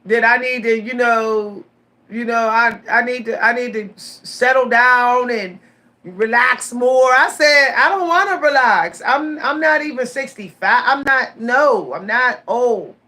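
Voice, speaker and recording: A woman in her forties telling stories straight to her viewers in a casual vlog, animated, repeating her words and laughing often. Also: fairly high pitch, unhurried. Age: 40s. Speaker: vlogger.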